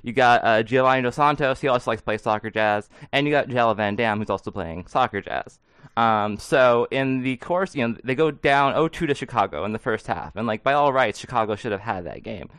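A man's voice: medium pitch, expressive, fairly quick, a bit bright, clean tone, dry recording. A man co-hosting a sports podcast, chatting casually, rambling and joking with frequent laughs. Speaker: podcast co-host.

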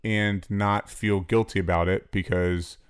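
A man co-hosting a casual chat with his partner, talking in a relaxed way and acting out quoted lines. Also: fairly low pitch, unhurried, clear, resonant tone.

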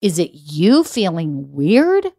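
A woman's voice: lowish voice, huge pitch swings, takes it slowly, dark tone, no echo, clean studio sound. A woman, talking casually and enthusiastically as a business coach, with many fillers. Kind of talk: casual motivational talk.

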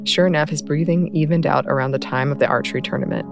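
Low-voiced woman narrating a story. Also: fast. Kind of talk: scripted audiobook narration. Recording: narration over clear music bed.

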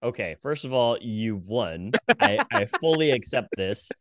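A man co-hosting a podcast in casual chat, playful, laughing often and trying quick impressions. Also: lowish voice, lively intonation, fairly bright tone, dry recording, clean studio sound. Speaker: podcast co-host.

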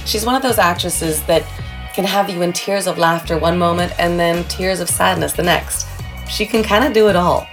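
A woman's voice: fairly low pitch, normal speed, faint music behind. A woman from Canada hosting a podcast, enthusiastic and gushing as she introduces her guest and chats with her. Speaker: podcast host.

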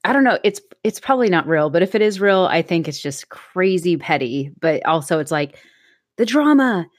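A woman's voice: fairly low pitch, big pitch swings, normal speed, no room sound, clean studio sound. A woman co-hosting a casual podcast chat, rambling through a story and laughing often. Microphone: remote call mic.

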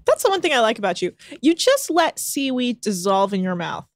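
Teasing higher-voiced woman co-host. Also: wildly swooping pitch, a little fast, dry recording, studio quality. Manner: teasing, mock-argumentative. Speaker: podcast co-host. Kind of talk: casual banter.

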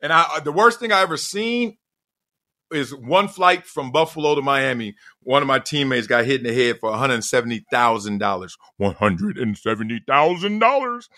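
Lively bright-voiced man telling stories. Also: mid-range voice, moderate pace. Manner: animated storytelling, laughs often, slangy. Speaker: podcast host. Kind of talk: casual solo podcast chat.

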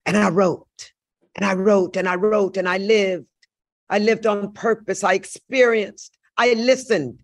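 An older woman telling stories in a loud, animated and very profane casual chat. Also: medium pitch, measured pace, no echo, clean studio sound.

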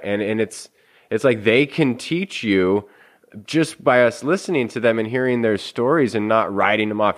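A man in a casual conversation, speaking earnestly and reflectively with frequent restarts. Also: on the low side.

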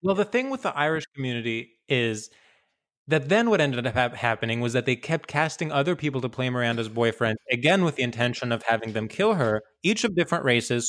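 A man hosting a casual podcast, with campy jokes and deadpan asides. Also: medium pitch. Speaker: podcast host.

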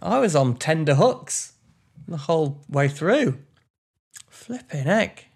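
A man co-hosting a podcast, reflective and quick to laugh in casual chat. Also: a little high, big pitch swings, gravelly, slightly rough. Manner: warm, reflective, laughs easily. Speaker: podcast co-host.

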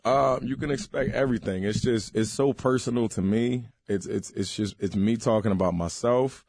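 A comedian talking in a casual interview, loose and slangy with lively restarts, recorded on a studio mic. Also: male voice, medium pitch, normal speed, breathy edge, no room sound. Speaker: comedian guest.

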